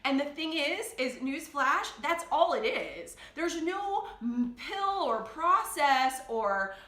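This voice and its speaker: Woman coach venting to her phone, bright high voice, laughs a lot, roomy echo. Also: big pitch swings, slow. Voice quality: laughs often while talking, emotional and blunt. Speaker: life coach. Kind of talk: candid confessional vlog. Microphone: phone or camera device.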